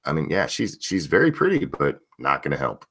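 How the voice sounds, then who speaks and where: A man's voice: extremely low pitch, wildly swooping pitch, a little fast, fairly bright tone. A man hosting a casual livestream chat, reading viewer comments and giving blunt, swear-laden opinions. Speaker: streamer host reading chat.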